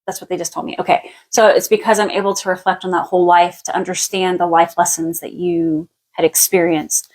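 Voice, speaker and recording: A woman working as a psychic medium on a live stream, giving a past-life reading. She talks in a relaxed, chatty way, thinks aloud, and often stops to restart a thought or reach for the next word. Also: lowish voice, rough recording. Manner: thinks aloud in a halting way, with many fillers and restarts; relaxed and chatty, laughs easily.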